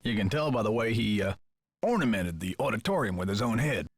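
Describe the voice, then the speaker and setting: A man's voice: fairly low pitch, animated, brisk, husky, no echo. An actor playing a kindly older man who runs a movie theater projection booth, talking in a homespun, storytelling way.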